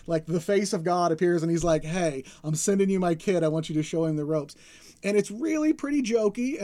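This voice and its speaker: Lively man with a high-set voice. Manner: enthusiastic storyteller, acts out characters with raised voice. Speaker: podcast co-host. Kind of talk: casual comic book chat.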